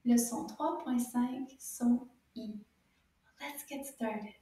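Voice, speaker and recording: A high-voiced woman leads a children's language lesson in an unhurried, encouraging way, stretching out sounds for little ones to copy. Her tone is mellow rather than bright. She sounds far from the mic in a very echoey room. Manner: slow, cheerful and encouraging, exaggerated sounds for repetition. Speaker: French teacher for children.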